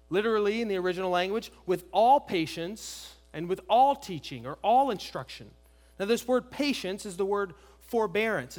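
A man preaching an expository sermon, emphatic, asking rhetorical questions and repeating key phrases. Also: high voice. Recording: long reverb of a large hall.

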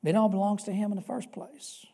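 Male pastor, sermon delivery, warm mellow tone, earnest, repeats key phrases, dynamic from hush to loud. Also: sits high, fairly even intonation, a little fast, gravelly. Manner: swings between loud emphatic peaks and soft hushed stretches.

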